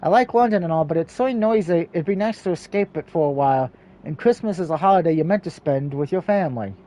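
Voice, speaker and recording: A cheerful, caring young man reassures his little sister in a game's story, his voice high and mellow, as a man reads his lines. He speaks gently and fondly. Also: animated, quick pace, lightly acted. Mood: reassuring. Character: kind cheerful older brother, student.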